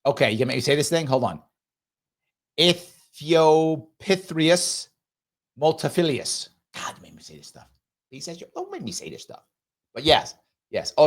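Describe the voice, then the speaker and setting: Male show host, sarcastic and mocking, lively swinging delivery, reads chat on air. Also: medium pitch. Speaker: host of a live commentary show. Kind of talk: live show commentary, reading viewer chat.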